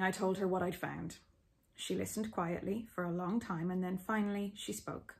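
A woman author reading her own memoir aloud in an intimate, expressive storytelling manner. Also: mid-range voice, moderate pace.

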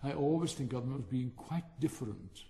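A man's voice: medium pitch, lively intonation, moderate pace, gravelly, dark tone, in a large hall. A man voicing a vain, touchy male firework rocket in a haughty, theatrical manner for a storybook. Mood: scornful. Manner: haughty, self-important, theatrical.

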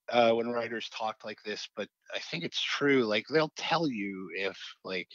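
A man with a fairly low voice talks about his craft in a relaxed interview. He rambles, hedges, and restarts his sentences often. The sound is dry and a bit muffled. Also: no room sound. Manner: rambling, hesitant, many fillers and restarts. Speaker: comic writer guest. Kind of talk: casual interview.

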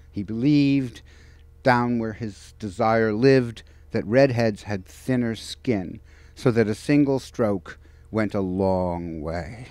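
Man giving a measured author reading. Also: on the low side, darkish tone, no room sound. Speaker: novelist. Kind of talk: author reading from his novel. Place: bookstore event.

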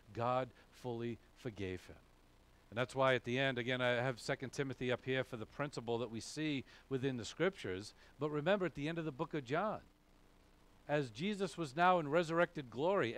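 A male pastor preaching a sermon, emphatic, asking questions and answering them himself. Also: mid-range voice. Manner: emphatic, asks and answers his own questions.

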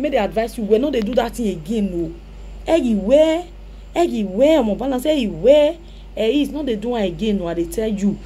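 A woman's voice: a little high, darkish tone. A Nigerian woman commenting on a clip in Pidgin, scolding and advising the man she talks about. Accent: Nigerian Pidgin English.

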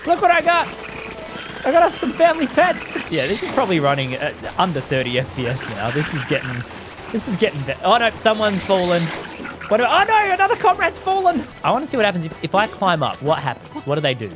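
A man commentating his own gameplay on a live stream, excitable and laughing often as he cheers things on. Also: high voice, fairly quick. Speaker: game streamer. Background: game music.

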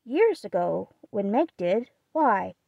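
A woman's voice: medium pitch, big pitch swings, takes it slowly, creaky, dry recording, lo-fi sound, exaggerated voice. A woman voicing an impulsive, spirited teenage girl in an audiobook reading, blunt and exclaiming. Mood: startled.

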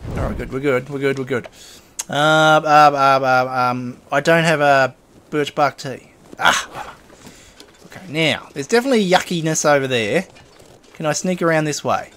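A man's voice: a little high, fairly bright tone. A man giving chatty let's play commentary as he plays, chuckling often and getting flustered when things go wrong. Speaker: gaming channel host.

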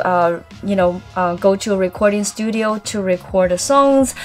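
A woman's voice: medium pitch, measured pace, few pauses, soft background music. Chatty woman comedian, English as second language. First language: not English. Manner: chatty, upbeat, with frequent fillers. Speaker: stand-up comedian. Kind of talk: casual promotional talk to camera.

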